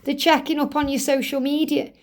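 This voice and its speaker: Woman tarot reader, high-pitched, reassuring, repeats phrases for emphasis. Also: level tone, brisk. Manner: earnest, reassuring, speaks straight to the viewer. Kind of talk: tarot reading to camera.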